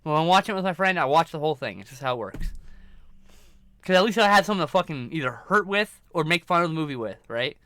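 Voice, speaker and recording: A man's voice: on the high side, animated, fast, bright, forceful tone. A man streaming live, ranting casually and profanely about movies while working through his film collection. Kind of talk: casual livestream rant.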